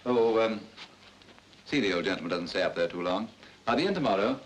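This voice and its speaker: An actor playing a brisk, matter-of-fact doctor giving parting instructions, in 1940s film style. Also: male voice, fairly low pitch, animated, slight background noise, lightly acted. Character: brisk reassuring male doctor.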